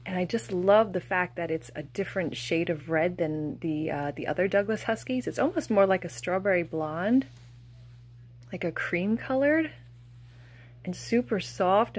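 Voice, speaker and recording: A young woman gushing softly as she unboxes plush toys, with breathy exclamations and a casual, fond way of talking. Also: fairly low pitch, slight background noise.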